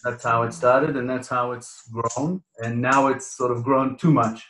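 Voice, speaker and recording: A young man with an Israeli accent, a guest on a casual podcast, talking in a relaxed, halting way with a dry sense of humour. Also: medium pitch, low-quality recording. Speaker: guest, indie filmmaker.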